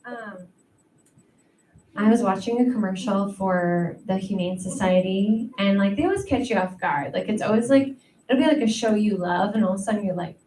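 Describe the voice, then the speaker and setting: A woman's voice: medium pitch, moderate pace, warm tone. A young adult woman doing a stand-up comedy set, self-deprecating and chatty, with lots of "um" and "like.". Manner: chatty, self-deprecating, many ums and likes. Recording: echoey room, mic at a distance, faint noise.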